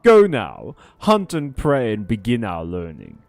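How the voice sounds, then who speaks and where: A man's voice: mid-range voice, wildly swooping pitch, measured pace, gravelly, heavily acted. A man voicing an eager, odd female bug creature who gushes in broken grammar. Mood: gushing.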